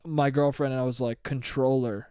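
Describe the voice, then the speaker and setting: A man's voice: fairly high pitch, a little fast, a little mellow, no echo, studio quality. A man hosting a casual podcast chat, joking around, laughing often and swearing freely. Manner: joking, laughing, profane riffing. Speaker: podcast host.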